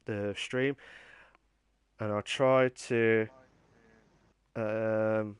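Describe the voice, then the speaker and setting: A man's voice: fairly low pitch, fairly even intonation, extremely slow, clear, resonant tone, no echo, studio quality. Rambling man hosting a podcast. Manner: rambling, lots of fillers and restarts; reads out viewer comments. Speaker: podcast host. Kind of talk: casual live-stream podcast chat.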